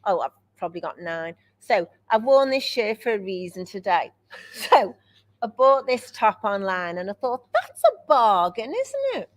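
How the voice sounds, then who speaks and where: A woman's voice: mid-range voice, expressive, moderate pace. A woman co-hosting a podcast, telling stories about herself with plenty of laughter. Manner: laughing, self-mocking storyteller. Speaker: podcast co-host. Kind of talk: casual chat, storytelling.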